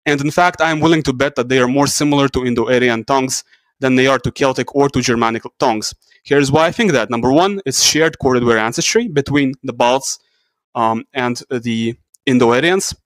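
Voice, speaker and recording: Guy explaining stuff casually, mid pitch, dry close sound. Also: normal speed, dry recording. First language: Russian. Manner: casual, explains with asides and self-corrections. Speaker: YouTube channel host. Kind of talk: educational talk.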